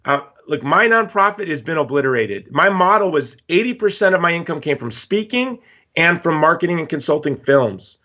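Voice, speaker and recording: A man's voice: on the high side, big pitch swings, normal speed, bright, forceful tone, highs cut off. A man speaking as a guest in a podcast interview, telling stories with passion and emphatic repetition. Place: Hawaii.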